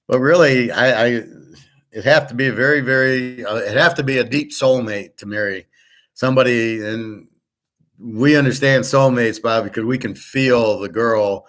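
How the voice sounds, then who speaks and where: A man's voice: mid-range voice, a bit bright. A man hosting a show in a casual, rambling monologue, blunt and profane, often restarting his sentences. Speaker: show host.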